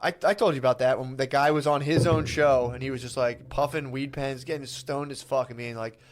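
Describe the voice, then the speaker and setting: A man's voice: mid-range voice, steady tone, a little fast. A man co-hosting a comedy podcast, telling stories in casual chat, swearing often and acting out the people he quotes. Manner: storytelling, acts out quoted voices, swears a lot. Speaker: podcast co-host.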